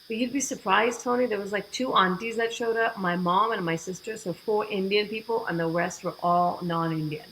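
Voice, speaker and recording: A woman guest on a podcast, telling her story in a lively way and acting out the dialogue she quotes. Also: mid-range voice, moderate pace, few pauses, slight background noise, low-quality recording. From United States. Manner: animated, acts out quoted dialogue. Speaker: fitness program founder, guest.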